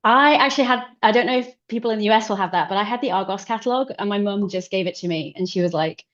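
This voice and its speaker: A British woman in her thirties talks casually as a guest, relaxed and self-deprecating, with frequent giggles. Her voice sits at a middle pitch for a woman. It comes over a video call with dull, lo-fi sound. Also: fast talker. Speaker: photographer guest. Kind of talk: casual interview chat.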